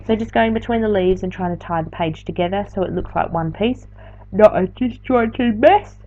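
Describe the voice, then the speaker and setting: On the low side and a little fast, this woman's mellow voice narrates a late-night craft tutorial. A weary art journaling teacher, she chats casually, wanders off topic, and corrects herself, captured in slightly dull lo-fi audio.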